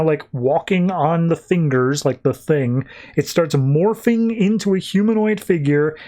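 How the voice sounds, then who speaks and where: A man's voice: a little high, a little mellow. A podcast co-host, a man with a slightly raised voice, casually walks through a comic book plot. He talks in a loose, offhand way, restarting sentences and tossing in wry asides.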